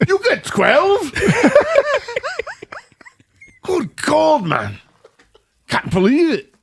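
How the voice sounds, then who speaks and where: A man's voice: sits high, gravelly, husky, voice pushed up, heavily acted. A man voicing an amazed male Scottish soccer fan with a put-on Scottish accent, exclaiming in disbelief.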